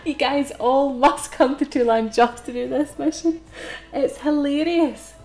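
A young Scottish woman streaming a game live, chatty and excitable and laughing often as she talks to her viewers. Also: sits high, unhurried, soft background music.

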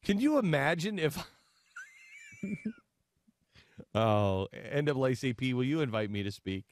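A man hosting a talk show, speaking in a sarcastic, animated way into a studio mic. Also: medium pitch, measured pace. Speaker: host. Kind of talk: talk radio commentary.

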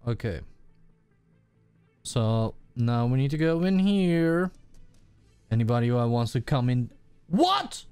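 Excitable gamer man with a swooping voice. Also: mid-range voice, a little slow, long pauses, clean tone, no room sound, soft background music. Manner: excitable, swears and yells at the game. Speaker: gaming video host. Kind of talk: casual gameplay commentary.

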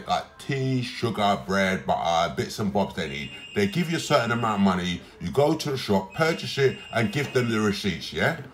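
Man, lively swooping pitch, emphatic, repetitive, personal complaint recording. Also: slight background noise. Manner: lively, emphatic, repeats himself. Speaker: psychiatric ward patient.

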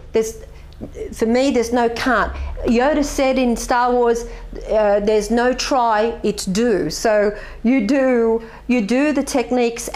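A middle-aged woman, a martial arts master giving earnest, reflective interview answers and telling stories with animation. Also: on the high side.

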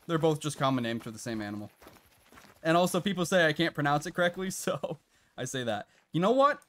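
A chatty male game streamer talking his viewers through a hunt. His voice sits a little high and swings widely in pitch, jumping up when something surprises him. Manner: chatty, reacts loudly with laughs and gasps. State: out of breath at times. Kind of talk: live gameplay commentary.

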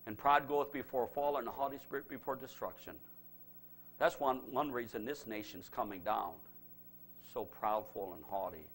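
A man preaching a revival sermon as pastor, who swings from loud, fervent preaching to low, confiding talk. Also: moderate pace, slight background noise. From United States.

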